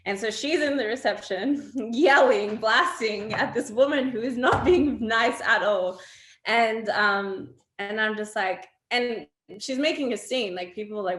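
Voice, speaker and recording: A woman's voice: medium pitch, a little slow, roomy sound. A young adult woman, a guest on an interview show, telling stories casually with many fillers and frequent laughs. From Australia. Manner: animated, laughing often, lots of fillers. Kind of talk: casual storytelling conversation.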